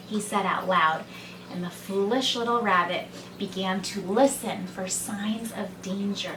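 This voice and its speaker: A woman who reads a children's story aloud slowly and gently, as a teacher. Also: mid-range voice, slight background noise. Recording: echoey room, mic far off, faint ambience.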